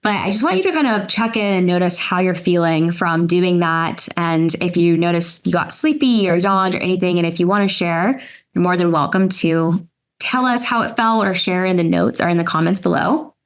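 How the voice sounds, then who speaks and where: A woman presenting a nutrition workshop, gently talking listeners through an exercise step by step with casual fillers. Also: on the low side, moderate pace. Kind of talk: guided exercise instruction.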